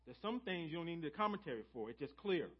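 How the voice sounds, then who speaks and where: A man's voice: on the high side, big pitch swings, fast, highs cut off. A male pastor preaching a sermon to his church, calling out to the congregation and repeating key phrases for emphasis. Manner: preaching with call-and-response and repetition. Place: church sanctuary.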